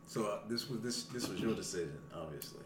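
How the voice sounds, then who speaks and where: An easygoing man hosts a casual podcast and prompts his guests with questions. His voice sounds echoey, and clear crowd chatter fills the background. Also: lowish voice, expressive, fast talker. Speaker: host. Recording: echoey room with crowd noise.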